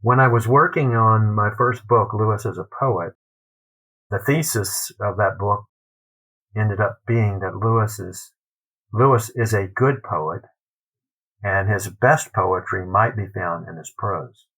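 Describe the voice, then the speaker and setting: A man tells a research story as a podcast guest, lively and fond of playing out the lines of others. His voice sits a little low but has a bright, forward edge, with a husky grain. He speaks as a literary scholar, relaxed and anecdotal. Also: unhurried, rough recording. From United States. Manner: animated, anecdotal, acts out quotes.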